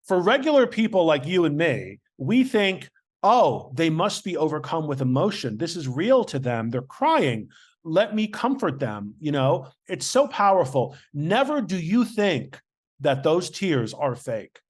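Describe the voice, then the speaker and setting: A man's voice: fairly high pitch, big pitch swings, unhurried. A man hosting an interview, breaking in with emphatic explanations for the audience. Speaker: host, investigator. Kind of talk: interview commentary.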